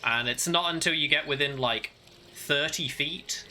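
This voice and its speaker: A man's voice: fairly high pitch, a little slow, bright, forceful tone, slight background noise. A man narrating as dungeon master of a tabletop game, hesitant and full of fillers. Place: home setup with fantasy ambience playing.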